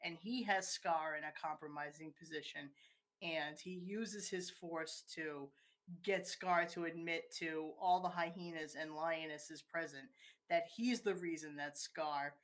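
Woman, lowish voice, casual film chat, detailed scene retelling. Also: fairly even intonation, measured pace. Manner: retells scenes in detail, acting out quoted lines.

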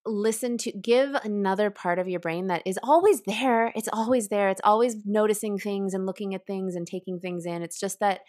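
A woman who teaches writing, explaining a creative exercise in an animated, conversational way and laughing often. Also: medium pitch, moderate pace, few pauses. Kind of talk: conversational podcast interview.

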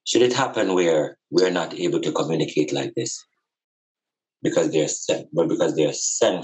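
A man with a darkish bass voice appears as a guest on a podcast via video call, and the recording quality is low. Earnest in his reasoning, he presses his points with impassioned repetition in a preacherly style.

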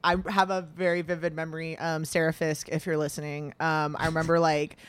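A woman's voice: low-pitched, brisk, smooth. A young woman co-hosting a podcast, rambling along in casual chat, full of fillers and restarts. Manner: rambling, filler-heavy, animated. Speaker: podcast co-host.

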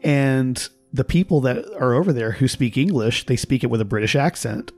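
A man from Texas, a linguist guest on a podcast, explaining his ideas in a measured, casual way, with faint music behind. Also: medium pitch, expressive, a little mellow, no echo. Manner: explanatory, measured, laughs at his own examples. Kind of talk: casual conversation.

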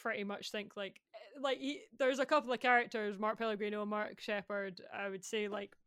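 Chatty Scottish woman, clear voice. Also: medium pitch, fairly even intonation, normal speed, fairly bright tone, no echo, clean studio sound. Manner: enthusiastic, chatty, many "like" fillers, laughs often. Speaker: guest, musician and actor. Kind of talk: casual podcast chat.

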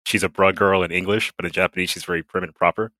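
A man hosting a podcast panel, relaxed and chatty, with lots of fillers. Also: sits low, quick pace, no room sound. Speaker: podcast host. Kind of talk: casual chat.

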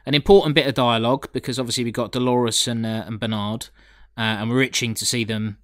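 A man's voice: medium pitch, steady tone, fast, dry recording. Brief: joking podcast host, man, dry close sound, lots of ums. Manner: lots of fillers, jokey, swears. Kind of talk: casual chat reviewing a TV episode.

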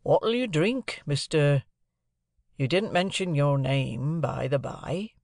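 A man's voice: a little high, lively intonation, gravelly, darkish tone, dry recording, studio quality, exaggerated voice. Man doing a sly, secretive stranger. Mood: coaxing. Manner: slow, probing, insinuating questions. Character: secretive, sly middle-aged male stranger.

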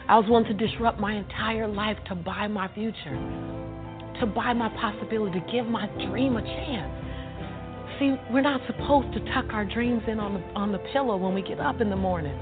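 A woman speaks as a motivational storyteller and builds her points through emphatic repetition, like a preacher. Her voice is gravelly and sits at a middle pitch. The audio is thin and phone-like, with soft music underneath. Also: brisk. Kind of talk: personal storytelling in conversation.

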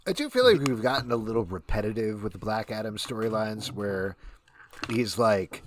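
A male host moves the talk along in a casual comic book chat. His pitch rises and falls a lot as he talks, and the sound is close and dry. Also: moderate pace, no room sound. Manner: lively, reads credits, laughs between lines.

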